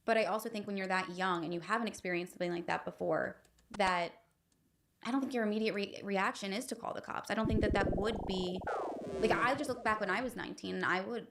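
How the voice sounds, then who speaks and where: A woman hosting a podcast, reassuring her guest in quick, thinking-aloud sentences. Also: medium pitch, gravelly, fairly bright tone, slight background noise. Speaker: podcast host. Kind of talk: supportive conversation.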